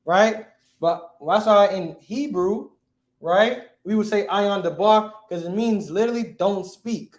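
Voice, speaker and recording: High-pitched man, casual slangy classroom teaching, quizzes students, echoey room. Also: unhurried.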